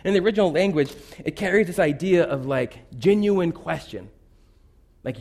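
Man, high voice, casual sermon, lots of fillers, animated delivery. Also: normal speed. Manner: animated, acts out quotes in shifting voices; loose and chatty, with fillers like "like" and "basically". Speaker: preacher. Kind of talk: conversational sermon.

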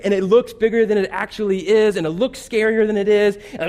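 A man's voice: high-pitched, fast talker, few pauses. A man preaching a conversational sermon, loose and chatty, acting out quotes in shifting voices. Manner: loose and chatty, with fillers like "like" and "basically".

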